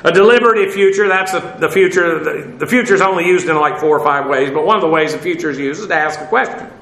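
High, bright-voiced man teaching Bible Greek. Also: echoey room, slight background noise, rough recording. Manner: halting, many fillers and restarts, spells out words. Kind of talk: verse-by-verse Greek text lesson.

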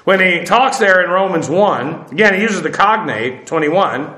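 A man's voice: sits high, animated, normal speed, sharp tone. A man teaching verse by verse through a Bible passage, talking conversationally and stressing his points with emphatic asides. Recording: roomy echo.

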